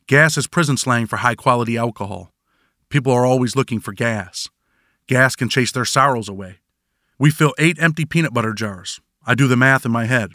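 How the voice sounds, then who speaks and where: A man's voice: medium pitch, moderate pace, sharp tone, no echo. A man narrating his own prison memoir in first person, with dry, wry storytelling.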